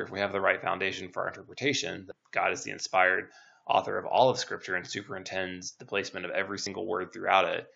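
A man's voice: deep voice, creaky, pushed and bright. A man giving a casual Bible commentary talk, thinking aloud with many fillers and restarts, on a dull lo-fi recording.

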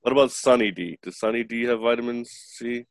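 A man's voice: medium pitch, brisk, gravelly, dry recording, studio quality. A man with a child, joking around sarcastically in a casual chat. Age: adult with a child.

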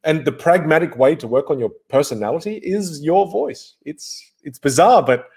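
A man's voice: on the high side, a little mellow. A man appearing as a guest voice coach in a podcast interview, speaking emphatically, like a coach. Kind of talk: interview conversation.

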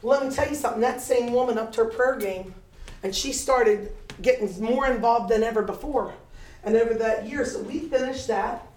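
A woman's voice: fairly high pitch, normal speed. Older woman preacher telling stories. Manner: lively, laughing storyteller, preaching cadence. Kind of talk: sermon with storytelling. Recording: echoey room picked up from a distance.

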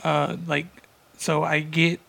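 Gravelly man telling a story. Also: on the high side, monotone, takes it slowly, a bit bright. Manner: rambling, laid-back storytelling with many fillers. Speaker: podcast co-host. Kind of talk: casual storytelling chat.

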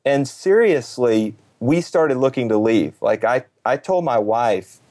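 A man's voice: medium pitch, lively intonation, a little slow, darkish tone. A man, an executive pastor, telling his story candidly and earnestly in an interview. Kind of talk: interview conversation. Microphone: video call.

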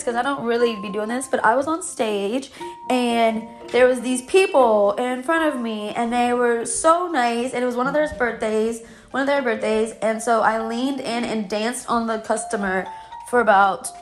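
Chatty woman with a highish voice. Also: normal speed, faint music behind. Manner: rambling, heavy with "like" fillers and self-corrections; emotional, breaks into laughs. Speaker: storyteller recounting her own experience. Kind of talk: casual storytime monologue.

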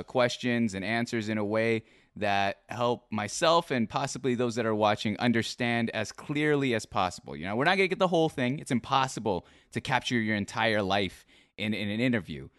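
Man in his twenties, livestream interview host, earnest and reassuring, crisp voice, dry sound. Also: fairly low pitch, fairly bright tone, dry recording. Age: 20s. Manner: earnest, reassuring, repeats "all right?".

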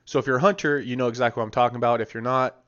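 A man's voice: medium pitch, steady tone, racing, highs cut off, very noisy. A man in his twenties on a podcast, telling stories in a laid-back, rambling way and swearing freely. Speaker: podcast co-host. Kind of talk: casual chat.

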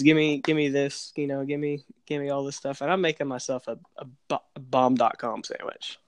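A young man telling a funny story in casual chat, animated and laughing as he acts out the people in it. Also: medium pitch, a little fast, hardly any pauses, clear, resonant tone, no room sound, studio quality. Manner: animated, laughing, acts out voices in his stories.

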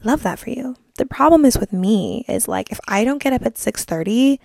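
A woman's voice: fairly high pitch, lively intonation, moderate pace, creaky, darkish tone, no echo, clean studio sound. A young woman vlogging in a bubbly, chatty way, filling her talk with "like". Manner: bubbly, chatty, heavy use of "like". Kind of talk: casual chat to camera.

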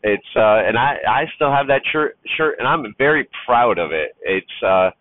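Tearful truck-driving dad, tinny sound. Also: male voice, mid-range voice, animated, moderate pace, no echo. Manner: heartfelt, rambling, with restarts and fillers. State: emotional, near tears. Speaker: truck driver and father. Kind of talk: personal vlog monologue.

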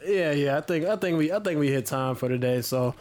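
A man's voice: a little high, brisk, a crowd in the background. A man co-hosting a casual podcast, laughing often and bantering profanely, with a sore throat. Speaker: podcast co-host. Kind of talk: casual chat.

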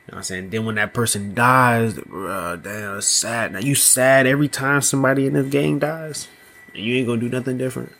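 A man hosting a solo podcast, talking slowly and loosely, often asking "you know what I mean". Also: mid-range voice, fairly even intonation, creaky, fairly bright tone, a little hiss or hum. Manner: slow, thoughtful delivery with small laughs. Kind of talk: casual solo podcast monologue.

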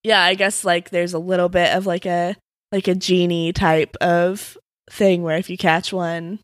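A woman podcast co-host casually retelling folk stories in a relaxed, sleepy way, with many fillers. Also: fairly low pitch, a little slow, no echo, studio quality. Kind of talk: casual storytelling chat.

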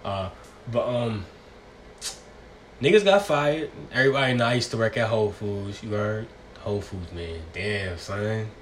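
Slightly slow and low-voiced, the young solo podcast host keeps things casual, swearing, rambling and using lots of slang. Faint background noise can be heard.

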